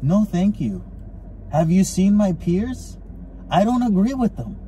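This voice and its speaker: A man co-hosting a casual podcast from inside a car, ranting with lots of swearing and animated storytelling. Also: high voice, unhurried. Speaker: podcast co-host. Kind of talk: casual chat. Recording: faint car noise behind.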